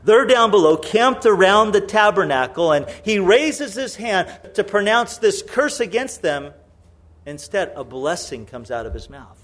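A man's voice: high voice, big pitch swings, measured pace, fairly bright tone. A middle-aged man preaching a sermon, telling the story with humor and acting out the voices. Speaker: pastor.

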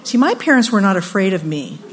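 A woman in her sixties giving a sermon at a women's retreat, expressive and acting out voices when she quotes people. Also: mid-range voice, a little fast, noisy background.

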